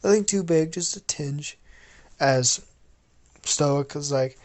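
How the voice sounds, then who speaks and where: A man's voice: medium pitch, animated, extremely slow, pauses often. A young man improvising a fan story, rambling with many restarts.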